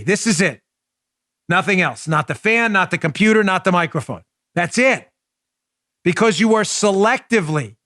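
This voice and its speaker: A fortysomething man with a Queens, New York accent hosts an opinionated talk show, his fairly high voice carrying a fairly bright tone. He's emphatic and keeps firing rhetorical questions directly at his listeners. The sound is close-miked and dry.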